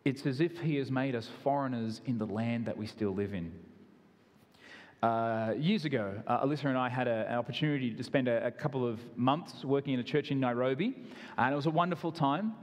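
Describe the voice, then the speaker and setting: A man's voice: mid-range voice, fairly quick, in a large hall. A man with an Australian accent, preaching a sermon in an earnest, conversational way with self-deprecating asides. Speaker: pastor.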